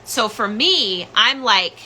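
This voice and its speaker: A woman's voice: fairly high pitch, lively intonation, slow pace, sharp tone, a little hiss or hum, low-quality recording. A woman hosting a podcast, telling a personal story in an urgent, candid way with many restarts. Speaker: podcast host telling her own story.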